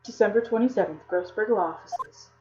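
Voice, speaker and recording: A woman's voice: medium pitch, a little fast, mellow, muffled recording, soft background music. A woman streamer voicing all the characters of a detective game, close to tears, chatting to viewers between lines. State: tearful, close to crying. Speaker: streamer voicing a visual novel. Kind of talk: reading game dialogue aloud with voice acting.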